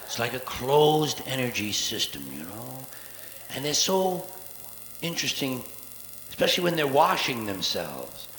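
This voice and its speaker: Man doing stand-up, gravelly voice, lively swooping delivery, sarcastic and profane, roomy theater soundboard recording. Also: medium pitch, unhurried, a little hiss or hum. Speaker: stand-up comedian. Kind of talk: live stand-up routine. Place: live theater stage.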